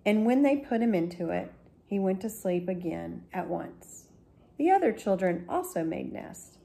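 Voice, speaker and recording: A woman, a school librarian, reading a children's book aloud slowly and gently. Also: medium pitch, sing-song, vocal fry. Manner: slow, gentle storytelling.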